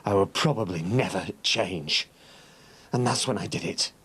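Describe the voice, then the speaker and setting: An actor playing a guilt-ridden middle-aged father, speaking haltingly and remorsefully. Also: sits low, a bit bright, breathy edge, full character voice. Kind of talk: TV soap drama.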